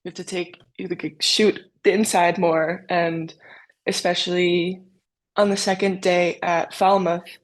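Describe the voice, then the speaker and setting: A young woman racer answering interview questions in a chatty, casual way, full of "like" and "kind of". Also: on the low side. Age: young adult. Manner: chatty, many "like" and "kind of" fillers. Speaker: cyclocross racer guest.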